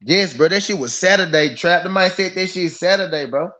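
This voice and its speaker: A man's voice: high-pitched, brisk, bright, forceful tone. A man hosting a live boxing talk stream, ranting in a heated, profane way and repeating himself for emphasis. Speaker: boxing podcast host. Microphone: live-stream mic.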